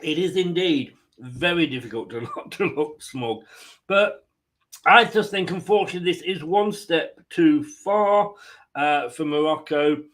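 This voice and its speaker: A man's voice: on the high side, a little slow, a bit bright. A man hosting a fan live stream, chatting casually and rambling with jokey asides. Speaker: fan channel host.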